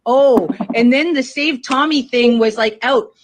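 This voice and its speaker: A woman's voice: sits high, measured pace, dry recording. A woman telling a long story in casual chat, rambling and swearing, with many fillers. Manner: rambling, profane, lots of fillers.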